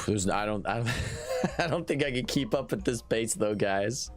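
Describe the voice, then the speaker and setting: A man streaming a strategy game live, commentating in an excitable, jokey way and often restarting his sentences. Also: on the low side, moderate pace, faint music behind. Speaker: gaming streamer.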